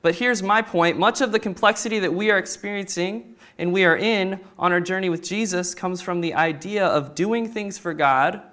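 A man preaching a sermon with lots of energy, acting out the story's people with sudden loud bursts. His voice sits a little high and comes across smooth and clear. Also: moderate pace, hardly any pauses. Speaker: pastor.

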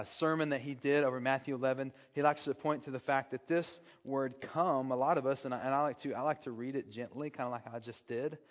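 A man preaching a sermon as pastor, moving from hushed, slow passages to loud, urgent calls. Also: mid-range voice. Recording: dull long-reverb hall sound.

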